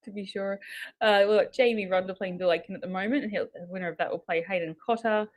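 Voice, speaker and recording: An Australian woman co-commentating live darts, briskly running through results and laughing along with her partner. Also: medium pitch, fairly even intonation, darkish tone.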